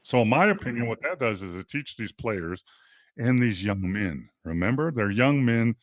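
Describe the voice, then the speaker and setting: A man's voice: medium pitch, normal speed, no room sound. Older guy coach talking hoops, voice jumps all over, dry kinda dull sound. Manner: animated storytelling, acts out quotes. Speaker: basketball coach and former pro player. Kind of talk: casual interview talk.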